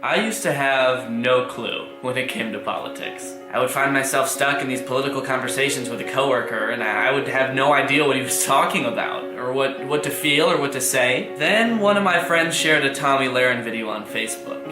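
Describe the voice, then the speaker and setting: A man's voice: medium pitch, a little fast, hardly any pauses, reverberant, music in the background, natural voice. A young man playing an earnest fan in a parody testimonial ad.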